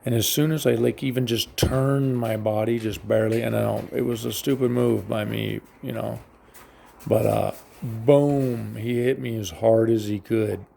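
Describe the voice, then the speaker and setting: A man's voice: fairly low pitch, fairly even intonation, normal speed, gravelly, warm tone, a little hiss or hum. A middle-aged man casually telling a rambling personal story, swearing often and restarting his sentences.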